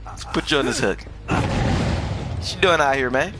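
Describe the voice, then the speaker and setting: A man hosting a gaming channel, giving excitable live commentary over gameplay, trash-talking the other players and laughing often. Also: medium pitch, measured pace, music in the background.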